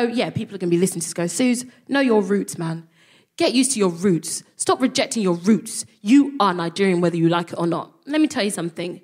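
A woman tells a self-mocking story on a live stage and slips into other people's voices as she goes. Her voice is husky and sits at an ordinary pitch for a woman. She talks with animated comic timing. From England. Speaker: comedy podcast co-host. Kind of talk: stand-up storytelling before a live audience.

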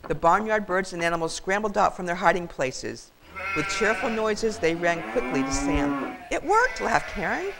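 An older woman reading a children's story aloud as a grandmotherly storyteller, in a warm, expressive way. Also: on the low side, moderate pace, noisy background.

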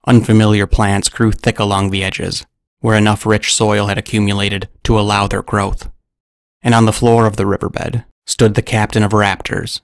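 A man telling a scripted story in narration, with a dry, deadpan humor. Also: fairly low pitch, normal speed, clean tone, no room sound.

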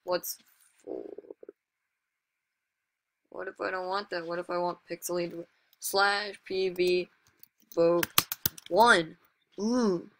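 In a low, creaky voice, a woman slowly talks through her own online gameplay for her channel, leaving long pauses. She stays chatty and excitable as host, with sudden outbursts and jokes at her own expense.

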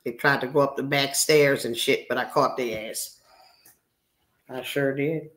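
A woman's voice: a bass voice, steady tone, measured pace, a bit bright. A woman in her sixties chatting live with her viewers, brash, profane and teasing as she scolds them. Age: 60s. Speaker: livestreamer. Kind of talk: casual live-stream chat with viewers. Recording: roomy echo.

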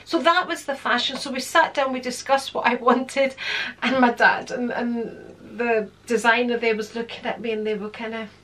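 Bright-voiced woman in her sixties. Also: on the high side, fairly even intonation, normal speed. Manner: chatty, digressive, with frequent fillers. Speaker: vlogger. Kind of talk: casual storytelling.

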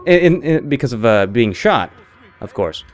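A young man giving lively let's-play commentary, exclaiming and laughing often as he plays a shooter game. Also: mid-range voice, normal speed. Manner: excitable, frequent exclamations and laughs. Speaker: gamer. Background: game music and gunfire.

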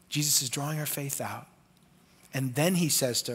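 A man's voice: fairly high pitch, big pitch swings, moderate pace, long pauses, slightly rough. Impassioned male pastor in a reverberant hall. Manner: passionate, swings from loud pleading to hushed; acts out quoted voices in conversational asides. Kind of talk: sermon. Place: church sanctuary.

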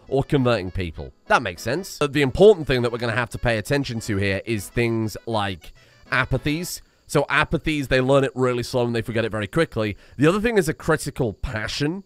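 A man from the West Country of England with a West Country accent, giving casual, joking let's-play commentary and swearing freely. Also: mid-range voice. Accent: West Country English. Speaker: game streamer.

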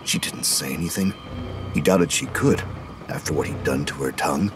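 A man narrates a horror audio drama in a measured, grave delivery. His voice sits very low. Faint background noise runs beneath it.

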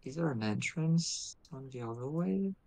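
A woman's voice: very deep voice, lively intonation, a little slow, creaky, warm tone. A woman gamer talking in a dry, matter-of-fact way during co-op play. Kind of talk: casual co-op gameplay chat.

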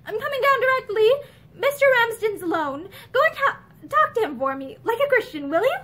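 A woman's voice: very high-pitched, sing-song, brisk, pushed and bright, voice pushed up, full character voice. A woman reading the lines of a nervous young married woman who stammers and evades. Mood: flustered. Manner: flustered, stammering replies.

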